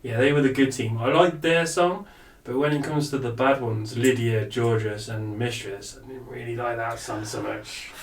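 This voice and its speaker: A man's voice: medium pitch, fairly even intonation, moderate pace, far from the mic. A man with a Northern English accent, co-hosting a casual chat in an easygoing, laughing way. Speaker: co-host. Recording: echoey room, off mic.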